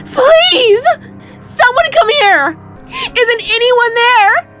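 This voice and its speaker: A woman's voice: high-pitched, very animated, fairly quick, soft background music, voice pushed up. A woman voicing a terrified young noble lady in a game, crying and screaming for help. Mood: panicked sobbing.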